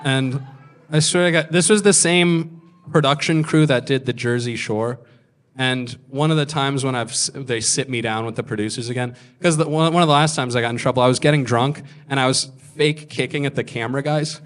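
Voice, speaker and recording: A stand-up comedian in his thirties tells rambling, self-mocking stories and swears freely. His medium-pitched voice moves briskly with fairly even intonation.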